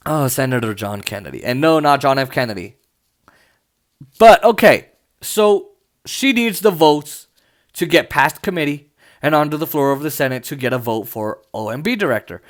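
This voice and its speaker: A man's voice: on the high side, animated, brisk. A young man in a casual, sarcastic political rant, mocking and full of filler words. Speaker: political commentator.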